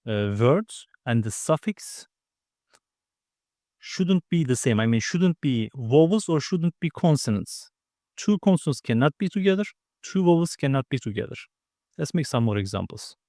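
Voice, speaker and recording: A man teaching a grammar lesson, explaining patiently step by step and repeating words slowly. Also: medium pitch, mellow, no echo, clean studio sound. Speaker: language teacher.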